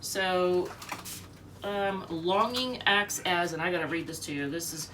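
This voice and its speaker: At home, a sick and breathless woman gives a rambling, chatty tarot reading, reading the card meanings aloud. Her lowish voice has lively intonation, a measured pace and a slightly bright quality. She is recorded from a distance with slight background noise.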